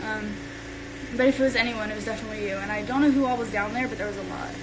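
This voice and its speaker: A woman's voice: mid-range voice, fairly even intonation, very fast, heavy background noise. A young woman chatting casually on a phone livestream while she tidies her bedroom, rambling from one thing to the next. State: out of breath. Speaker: social media creator.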